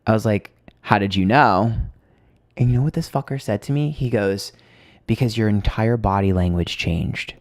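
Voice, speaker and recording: Low-voiced chatty man telling a story. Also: moderate pace, dry recording, clean studio sound. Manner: chatty storytelling, swears freely, greets viewers. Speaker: livestream host. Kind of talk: casual livestream chat.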